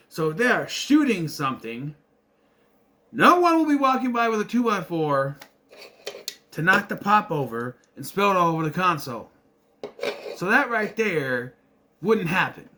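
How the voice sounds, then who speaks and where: A video reviewer from southern Minnesota talks through a movie in a loose, meandering way, often restarting his sentences and cursing now and then. His voice sits a little high, with a bright and forceful tone.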